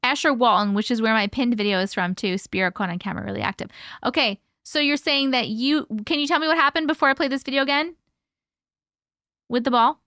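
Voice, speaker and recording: A high-pitched, bright-toned woman chats casually on a live stream, laughing and swearing as she talks to viewers. The sound is dry and close. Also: fast, no echo. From part Italian heritage, American. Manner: chatty, swearing, giggly. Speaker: host reading viewer stories.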